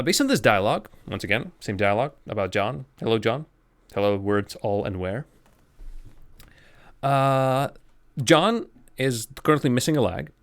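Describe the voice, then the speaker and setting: A man's voice: medium pitch, a bit bright. A man streaming a game live, thinking aloud in casual commentary with frequent restarts.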